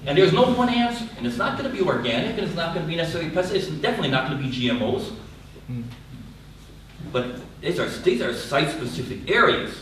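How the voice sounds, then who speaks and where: A man's voice: a little high, big pitch swings, fairly quick, a bit bright. An older man with a Southern American accent, speaking bluntly and with exasperation as a professor emeritus from the audience of a panel discussion. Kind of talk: public panel discussion comment. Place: large lecture hall. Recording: echoey hall, distant mic, faint noise.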